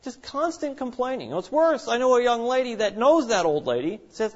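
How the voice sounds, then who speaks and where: A man preaching a sermon in an animated way, acting out the voices of the people he quotes. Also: very high voice, moderate pace. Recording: dull lo-fi recording.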